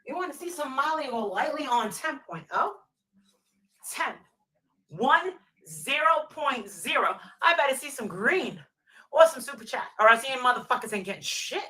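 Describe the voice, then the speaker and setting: A woman's voice: high voice, expressive, moderate pace, recorded from a distance, low-quality recording. Brash, foul-mouthed woman ranting on a livestream. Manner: brash, loud, demanding, swears constantly. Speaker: livestream host. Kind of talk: profane livestream rant.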